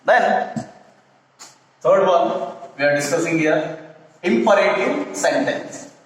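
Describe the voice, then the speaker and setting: Echoey male teacher. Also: a little high. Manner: repeats definitions, checks in with frequent "okay?". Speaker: English teacher. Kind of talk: classroom grammar lesson. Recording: echoey room with long reverb.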